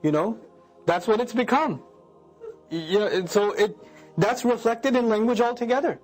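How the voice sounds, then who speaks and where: A middle-aged man giving a lecture that explains scripture, animated, acting out emotions and reciting Arabic verses. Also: sits high, normal speed, faint music behind. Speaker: Quran lecturer.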